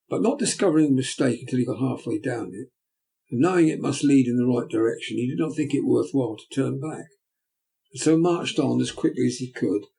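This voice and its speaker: Male audiobook narrator, measured and dramatic; husky, gravelly tone. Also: medium pitch, dark tone, poor audio.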